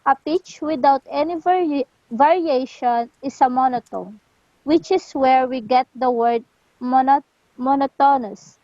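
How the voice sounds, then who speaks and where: A woman learning English reads a lesson text aloud, careful and slow, stumbling now and then. Her voice is high and unhurried. The recording is dull and dry. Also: warm tone, no echo.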